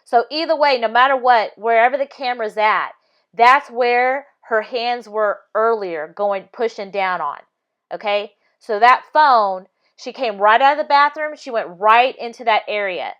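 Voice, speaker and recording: Insistent woman with a smooth voice. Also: fairly high pitch, fairly bright tone, highs cut off. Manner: insistent, repeats points, halting restarts. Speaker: video analysis vlogger. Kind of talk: casual commentary over video clips.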